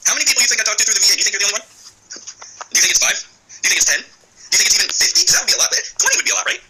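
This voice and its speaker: An agitated man speaking over a phone call in a rapid, sharp-edged voice. His pitch swings widely as he presses his point, and he swears freely. Faint noise sits under the line. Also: sing-song. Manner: agitated, insistent, profane. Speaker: veteran caller. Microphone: phone call recording.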